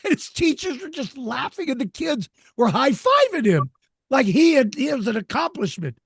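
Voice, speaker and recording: A man telling lively stories as an interview guest, laughing easily and acting out excited children. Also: very high-pitched, normal speed, slightly rough, no room sound, clean studio sound. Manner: animated storyteller, laughs easily, voices excited kids. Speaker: interview guest, dinosaur educator. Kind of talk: storytelling in a casual interview.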